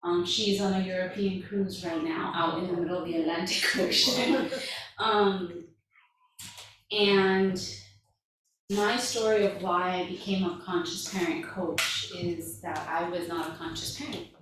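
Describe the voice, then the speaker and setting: A woman's voice: lowish voice, fairly even intonation, unhurried, distant mic, background noise. Woman speaking in an echoey hall. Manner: candid, conversational, emotional at moments. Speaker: parenting coach. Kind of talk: talk to a live audience. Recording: echoey room, mic from afar.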